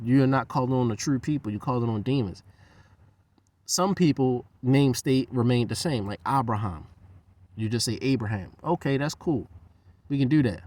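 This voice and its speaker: A man talking in a loose, profane, rambling monologue. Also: medium pitch. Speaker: host.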